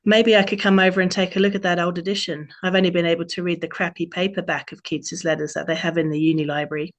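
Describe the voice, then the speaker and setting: A woman's voice: fairly low pitch, flat delivery, quick pace, lightly acted. A woman voicing a cheerful young Australian woman lifeguard, using a put-on Australian accent in a friendly, upbeat way. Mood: breezy.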